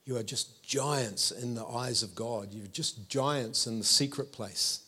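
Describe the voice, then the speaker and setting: A man, preaching a sermon with animated storytelling and playful asides to the congregation. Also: mid-range voice, measured pace, breathy edge. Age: 50s.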